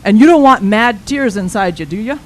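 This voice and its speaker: A woman doing a gentle, patient custodian. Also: on the high side, expressive, fairly quick, slight background noise, lightly acted, poor audio. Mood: coaxing. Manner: patient, coaxing, tender. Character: gentle kindly male school custodian.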